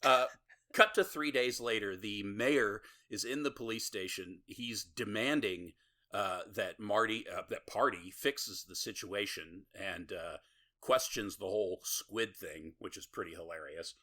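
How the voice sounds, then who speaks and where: Guy on a podcast laughing through a gross movie recap, kinda low voice but bright and forceful. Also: a little slow. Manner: laughing, swearing, retelling scenes with quoted voices. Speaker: podcast host. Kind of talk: casual movie recap chat.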